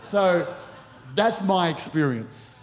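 A man's voice: high-pitched, animated, slow pace. A middle-aged man preaching a sermon as pastor, telling stories animatedly with acted asides. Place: church auditorium. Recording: church hall reverb with faint music.

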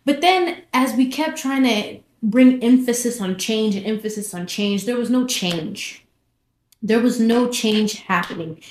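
A young woman casually telling her personal testimony, animated and repeating phrases for emphasis. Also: on the high side. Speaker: vlogger sharing her testimony. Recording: echoey room.

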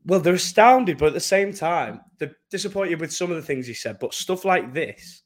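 A man's voice: on the high side, lively intonation, normal speed. A young man co-hosting a podcast, rambling through his thoughts and laughing often at himself. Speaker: podcast co-host. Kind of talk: casual chat.

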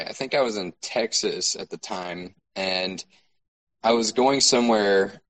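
Swearing, animated male podcast co-host. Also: on the low side, low-quality recording. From Alaska. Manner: animated storyteller, swears freely, laughs often. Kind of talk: casual profane chat.

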